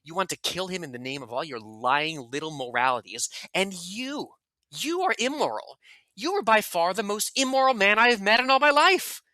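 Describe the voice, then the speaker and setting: A man's voice: high-pitched, very animated, moderate pace, bright, forceful tone, dry recording, exaggerated voice. A man reading aloud the part of a wounded young Italian man, accusing his lover in an impassioned, bitter way.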